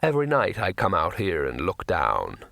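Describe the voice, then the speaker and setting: A man voicing a huge, gentle, melancholy male troll in an audiobook, speaking slowly and heavily. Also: sits low, wildly swooping pitch, vocal fry, no echo, studio quality, pitched below the performer's own voice, exaggerated voice. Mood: mournful. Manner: slow, weighty, sorrowful. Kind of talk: audiobook character voice.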